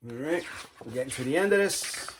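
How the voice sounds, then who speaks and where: A man's voice: mid-range voice, expressive, brisk, noisy background. A man, casually talking viewers through his record collection, enthusiastic and loose, saying "man" and "all right" a lot. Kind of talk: casual show-and-tell vlog.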